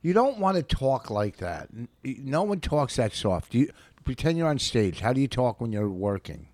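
A man's voice: mid-range voice, sing-song, moderate pace, a little mellow, dry recording. An older man co-hosting a comedy podcast, bluntly teasing his co-host in playful banter. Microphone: studio microphone.

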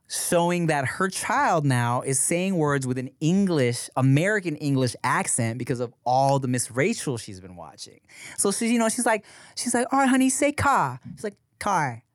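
A man's voice: a little high, sing-song, normal speed, dry recording. A man co-hosting a podcast, telling stories in a rambling, laughing, salty way. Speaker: podcast co-host. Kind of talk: casual comedic chat. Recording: dry close studio mic.

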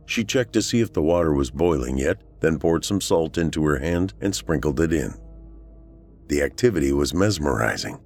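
A man reading a horror story aloud as the show's narrator, in a measured storytelling manner. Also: rumbling low, animated, soft background music.

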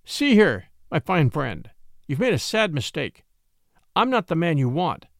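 A man voicing a clever young lawyer who speaks in a stern, measured, confident way. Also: on the high side, sing-song, creaky, dry recording, studio quality, heavily acted. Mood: indignant.

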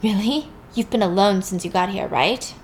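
A scarred, bitter male inmate of an asylum, speaking in taunts and accusations, as a woman puts him on while retelling a film. His voice swings up in pitch and volume as he presses his point. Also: moderate pace, a little hiss or hum, close to an everyday voice. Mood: bitter accusing.

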